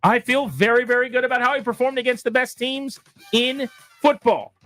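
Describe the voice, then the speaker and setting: A sports radio co-host with a high, bright, forceful voice makes an emphatic mock closing argument. He fires off numbers and repeats names for effect. Faint music sits under the studio talk. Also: fairly even intonation, normal speed, no echo.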